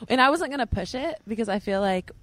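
A woman guest in a casual chat, earnest and quick to giggle. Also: on the high side, lively intonation, a bit bright, slight background noise.

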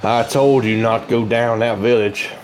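A man voicing an ancient female swamp hag who becomes a black dragon, drawn-out and threatening. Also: medium pitch, steady tone, soft background music, lightly acted. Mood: angry.

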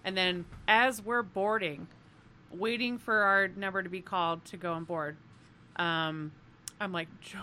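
A woman's voice: fairly low pitch, steady tone, slow pace, long pauses, pushed and bright. A woman co-hosting a podcast, telling a travel story in casual chat, laughing often and swearing freely. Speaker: podcast co-host.

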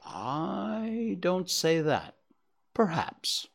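A sharp Victorian detective, read by a man, laying out his deductions in a measured, clipped way. His voice rises and falls with lively emphasis as he reasons it through, like a storybook reading. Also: high voice, gravelly, voice pushed up, exaggerated voice. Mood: guarded. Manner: brisk deductive explaining, measured. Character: Victorian male detective, keen, clipped and analytical.

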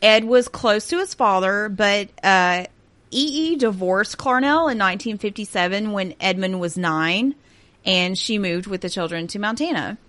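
A woman's voice: mid-range voice, expressive, normal speed, a bit bright. A woman in her thirties hosting a casual true-crime podcast, reading notes aloud with sarcastic asides and frequent laughter. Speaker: podcast host.

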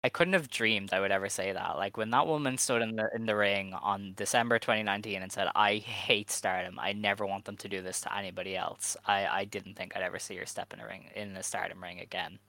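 A man co-hosting a casual chat show, speaking earnestly and at a measured pace. His voice has a bright, forward edge. The recording is dry, with no room around it. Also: lowish voice, fairly even intonation, gravelly, dry recording. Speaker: podcast co-host.

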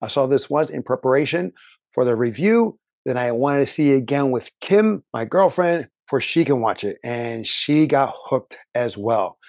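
A man's voice: mid-range voice, lively intonation, normal speed, a little mellow, no room sound. An enthusiastic man co-hosts a casual review show and talks at length about cast and crew. His voice sits in a middle register. The sound is dry and close, with little room in it. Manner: lists credits, talkative, enthusiastic. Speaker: podcast co-host reviewing shows.

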